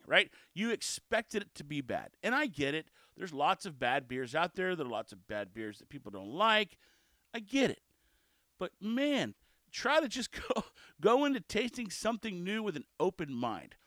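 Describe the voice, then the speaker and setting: Male solo podcaster, casual and cheeky, lively swinging delivery. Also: sits high, normal speed, no echo, clean studio sound. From South Texas. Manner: chatty, cheeky, animated storytelling. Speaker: podcast host.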